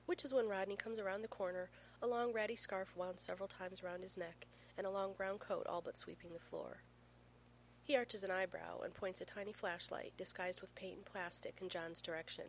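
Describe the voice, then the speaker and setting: A woman's voice: mid-range voice, fairly even intonation, fairly quick, slight background noise, low-quality recording. A woman narrating a fan fiction story as an audiobook reader, playful and storytelling.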